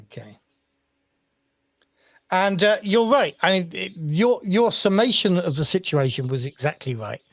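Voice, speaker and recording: Fairly high-voiced male game master. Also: unhurried, pauses often, no room sound. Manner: relaxed, rambling with many fillers. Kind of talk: running a tabletop game.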